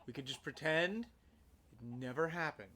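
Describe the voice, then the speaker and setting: A woman streaming a video game, chatting casually, animated and exasperated, sometimes shouting at her teammates. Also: sits low, a little slow, a little hiss or hum. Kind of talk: casual gaming chat.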